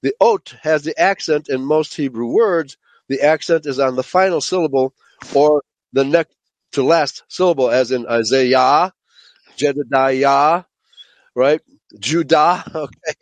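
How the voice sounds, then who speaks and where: A man with a fairly high voice teaches a Bible study lecture to a group. He speaks emphatically, stresses his points, and keeps checking in with his listeners. The sound is dry and close, with no room echo. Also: measured pace, highs cut off. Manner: emphatic, checks in with frequent "okay?"; addresses listeners as "folks".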